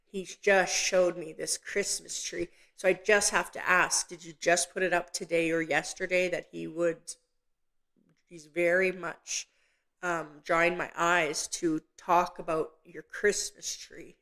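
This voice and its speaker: A woman hosting a live psychic medium session, talking gently and haltingly with many pauses and restarts. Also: fairly low pitch, little pitch movement. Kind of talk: live online reading.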